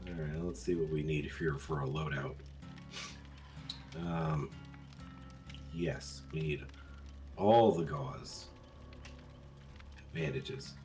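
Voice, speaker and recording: Male streamer, very low voice, crude joking banter, faint music in the background. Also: takes it slowly, pauses often, a little mellow. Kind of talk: live game-stream chat.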